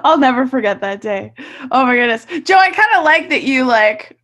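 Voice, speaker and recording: A woman from Canada hosting a podcast over a video call, with a high voice. She is animated and chatty, laughing freely and often stopping to restart a sentence. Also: moderate pace. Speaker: podcast host. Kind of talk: casual interview chat.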